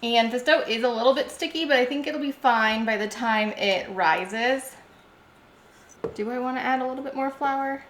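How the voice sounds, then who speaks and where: A woman's voice: fairly high pitch, moderate pace, a bit bright, a little hiss or hum. Chatty woman cooking in an echoey kitchen. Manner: chatty, talks herself through each step. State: out of breath. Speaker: home cooking vlogger. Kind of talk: casual cooking narration. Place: home kitchen.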